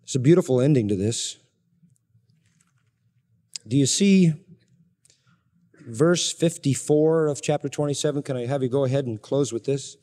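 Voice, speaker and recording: An older man preaching an expository sermon, swinging from loud emphasis to hushed, low lines. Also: moderate pace, pauses often. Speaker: pastor. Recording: reverberant hall recording.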